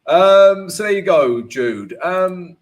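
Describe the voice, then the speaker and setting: A man with a high-pitched, expressive voice speaks slowly while hosting a live trading lesson, doing chart analysis and answering viewer questions. He's casual and chatty, often checks in with "right?", calls his viewers guys, and laughs at his own jokes.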